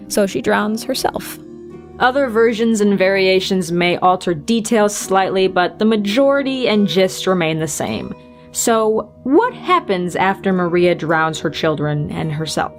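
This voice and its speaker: A woman's voice: mid-range voice, expressive, measured pace, faint music behind. A woman host narrating folklore with dry, sarcastic asides in a casual storytelling style.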